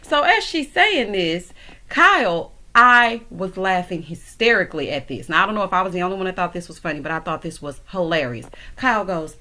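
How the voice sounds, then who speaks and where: A woman's voice: medium pitch, normal speed. A woman giving casual, sassy recap commentary on a reality TV episode, calling viewers honey and y'all. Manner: sassy, animated, quotes others in voices.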